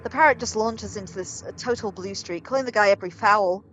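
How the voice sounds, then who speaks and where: Woman, gamer reading emails aloud, casual wry commentary, mid pitch. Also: fast, fairly bright tone, low-quality recording. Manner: casual, wry, reads jokes with put-on voices. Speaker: let's play gamer.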